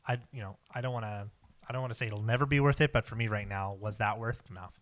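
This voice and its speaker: A man's voice: on the low side, fast talker. A man co-hosting a casual podcast, talking in a rambling, hesitant way with lots of ums. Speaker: podcast co-host. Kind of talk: casual chat.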